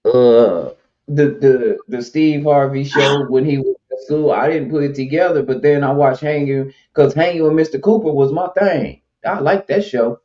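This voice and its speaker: A man's voice: mid-range voice, normal speed, warm tone. A man hosting a livestream, giving blunt, emphatic opinions in casual chat with a mocking edge. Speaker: stream host. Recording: muffled lo-fi stream audio.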